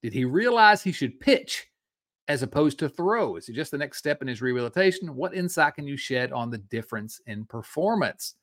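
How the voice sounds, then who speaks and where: A man in his forties from the Midwest, co-hosting a casual sports podcast, chatty and quick to laugh. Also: medium pitch, big pitch swings, a bit bright. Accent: Midwestern American. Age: 40s. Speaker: podcast co-host.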